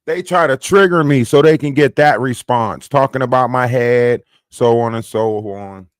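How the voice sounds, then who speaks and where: A man's voice: mid-range voice, moderate pace, smooth, dry recording, studio quality. A man hosting a live stream, ranting emphatically and repeating his points with "right?" tags. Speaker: livestream host. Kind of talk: heated live-stream rant.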